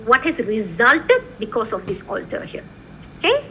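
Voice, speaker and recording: During a law lecture, a woman with a slightly high voice that swings widely in pitch explains the material in a lively way. She keeps checking in with her students, asking "okay?" and "right?". The recording is rough, with a faint hiss underneath.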